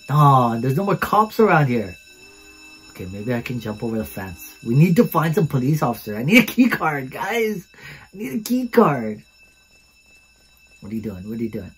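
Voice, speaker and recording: Excitable man doing gameplay commentary. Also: medium pitch, a little hiss or hum. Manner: excitable, repeats himself, keeps calling out to viewers. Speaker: gaming channel host.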